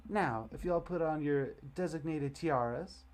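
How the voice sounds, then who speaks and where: A man voicing a pair of prim little twin girls hosting a tea party in a game, with a high, prissy, posh manner. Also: normal speed, darkish tone, a little hiss or hum, close to an everyday voice.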